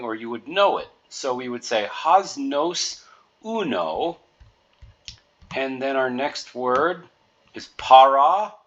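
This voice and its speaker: A man slowly talking through a pronunciation guide, giving patient explanations with everyday example words. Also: medium pitch, fairly bright tone. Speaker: music teacher. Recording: dull lo-fi recording.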